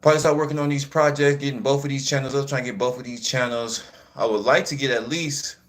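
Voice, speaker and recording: A man's voice: medium pitch, fairly even intonation, fast. A man hosting a casual live commentary vlog, laid-back and a little out of breath, repeating himself and talking straight to his viewers. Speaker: channel host.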